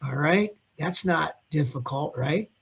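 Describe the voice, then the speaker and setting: A man lecturing a class on accounting, animated and teasing, calling on students by name. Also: fairly high pitch, a little slow, breathy edge. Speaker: accounting instructor.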